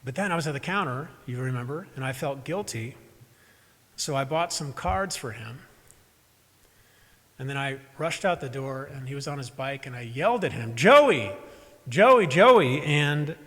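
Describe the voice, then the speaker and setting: A man's voice: medium pitch, moderate pace, fairly bright tone. A man preaching a sermon as pastor, telling a personal story conversationally with self-deprecating asides to the congregation. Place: church sanctuary during a live service. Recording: echoey church hall.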